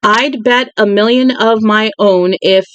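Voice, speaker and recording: A woman reading the lines of an earnest woman in a horror novel, in a quiet voice close to her own. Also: mid-range voice, fairly even intonation, normal speed, no echo, highs cut off, close to an everyday voice. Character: earnest middle-aged woman, a traveller in peril.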